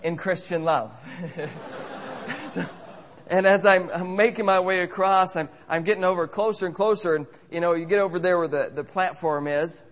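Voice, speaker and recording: A man telling a humorous, self-mocking story as a preacher, in an animated way. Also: high voice, normal speed. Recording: echoey hall.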